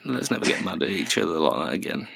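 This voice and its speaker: A man with a Birmingham accent talks in a casual podcast chat, stopping and restarting often. His pitch moves a lot and his tone is bright, recorded close and dry with no room sound. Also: sing-song, fast talker, vocal fry, husky, no echo. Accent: Birmingham English. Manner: hesitant, full of restarts.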